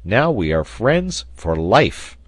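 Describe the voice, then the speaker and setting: A man voicing a hearty, excitable sailor who exclaims loudly and jumps high in pitch. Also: slow pace, husky, no room sound, exaggerated voice. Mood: excited. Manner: loud, exclamatory, voice leaping high. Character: hearty excitable middle-aged male sailor.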